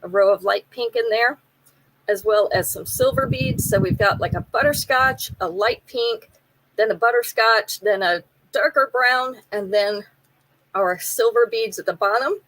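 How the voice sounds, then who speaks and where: A woman's voice: fairly high pitch, measured pace, fairly bright tone, rough recording. A woman hosting a live jewelry sale, chatting casually, describing pieces in detail and running a trivia game with viewers.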